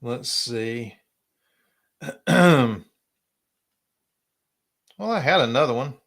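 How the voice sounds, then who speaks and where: A middle-aged man with a South Carolina accent hosting a casual live stream, chatty and drawling, often clearing his throat. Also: mid-range voice, expressive, extremely slow, fairly bright tone. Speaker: host.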